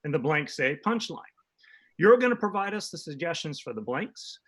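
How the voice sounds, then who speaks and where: Bright high-voiced man hosting improv. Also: very animated, brisk, husky. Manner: upbeat, explains game rules. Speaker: improv show host. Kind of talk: hosting a live improv show. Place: home. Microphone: video call.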